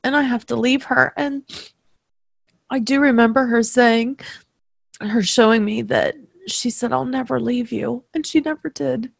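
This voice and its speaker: A woman working as a medium, tenderly recounting a reading to the person she read for, emotional and halting. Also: on the high side, creaky, no echo, studio quality.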